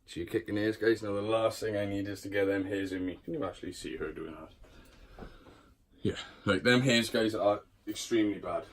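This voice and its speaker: A low-voiced, chatty man at a moderate pace shows off his tarantula collection in a casual room-tour vlog from his bedroom. He swears freely and both coaxes and scolds his spiders.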